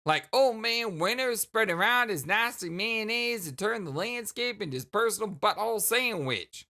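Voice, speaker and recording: Woman reading as a smug, deadpan teen boy. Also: medium pitch, normal speed, pitched above the performer's own voice. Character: cool-acting teen boy, smug and rambling. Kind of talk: reading game dialogue aloud.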